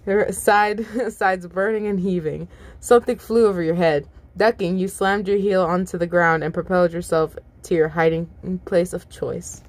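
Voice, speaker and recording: A woman reads a fan fiction story aloud in a casual, expressive way. She giggles often and breaks off to chat with her listeners between scenes. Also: lowish voice, moderate pace. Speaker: story reader.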